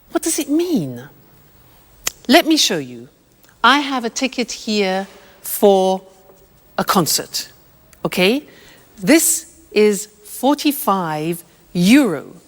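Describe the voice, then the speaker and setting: A woman teaching English vocabulary slowly and clearly, explaining step by step with examples. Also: medium pitch, sing-song, in a large hall. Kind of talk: slow, clear language lesson.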